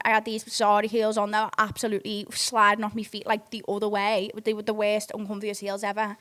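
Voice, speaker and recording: A woman, hosting a podcast and telling a rambling, sweary story in a casual way. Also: medium pitch. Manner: sweary, rambling, excitable retelling. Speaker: podcast host.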